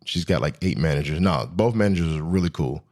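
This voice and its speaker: A man hosting his own show, telling stories in a slangy, animated way, swinging between excited high bits and low asides. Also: a little fast. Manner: slangy, swearing, self-correcting. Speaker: podcast host. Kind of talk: casual storytelling monologue.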